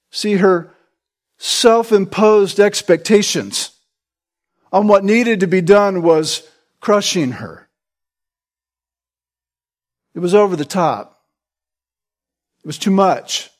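A high-sitting male voice preaches with emphasis, regularly asking his audience a quick "right?" He restarts words as he pushes his argument.

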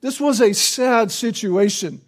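A man's voice: high voice, measured pace. A man preaching an expository sermon, explaining the text and often checking in with the listeners through tag questions.

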